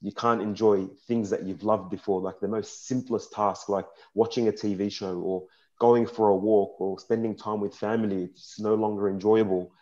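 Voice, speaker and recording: A young man on a discussion panel, telling his personal story in a frank and earnest way that turns halting and emotional in places. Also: on the low side, steady tone, warm tone. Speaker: panel speaker. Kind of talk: personal testimony at a panel talk. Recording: dull lo-fi sound.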